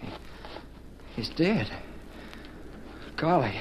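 An actor playing an eager young cowboy rider in a 1940s radio drama, talking excitedly to himself. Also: male voice, a little high, very slow, full character voice. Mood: wondering. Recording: noisy old radio recording.

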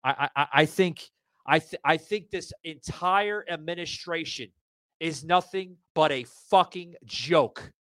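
Ranting, swearing heavily and stammering through restarts, a male podcast host grows fired up on his political talk show, aired as a live audio room broadcast. His voice is fairly high and a bit bright, at a measured pace, with no room sound.

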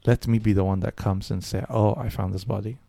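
A man's voice: lowish voice, fairly even intonation, fairly quick, creaky, dark tone, no room sound. A man voicing a stern, no-nonsense German woman teacher in her fifties, talking curt and bossy in a German accent. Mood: commanding. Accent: German, put on.

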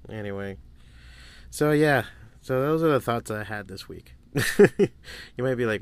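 A man's voice: medium pitch, lively intonation, unhurried, pauses often, clean tone, no room sound. A man in his forties hosting a solo podcast, telling stories in a crude, rambling way and swearing freely. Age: 40s. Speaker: podcast host. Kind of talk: casual solo podcast monologue.

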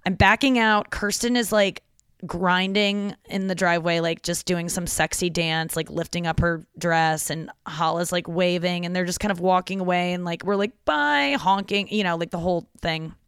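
A woman hosting a podcast, telling a story in a lively, rambling way full of "like" fillers. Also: lowish voice, moderate pace, clear, resonant tone, dry recording, studio quality. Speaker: podcast host. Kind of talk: casual comedic storytelling.

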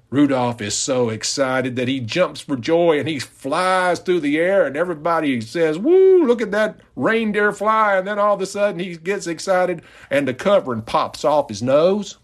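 A man hosting a podcast, retelling a story in a folksy, mock-outraged way. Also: on the high side. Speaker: podcast host.

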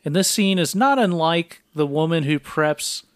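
Smooth-voiced man recapping a film. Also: on the high side, measured pace, dry recording, clean studio sound. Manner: recounting scenes in a flat, matter-of-fact play-by-play. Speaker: podcast co-host. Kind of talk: casual film recap podcast.

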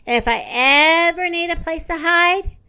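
A woman's voice: very high-pitched, unhurried, pushed and bright, voice pushed up, exaggerated voice. A woman doing a chirpy, contented storybook turtle. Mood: cheerful. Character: proud, contented female turtle. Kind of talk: storybook read-aloud.

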